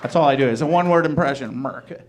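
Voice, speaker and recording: A young man doing a stand-up comedy set, loud and animated, laughing through his punchlines. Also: on the high side, very fast, a little hiss or hum.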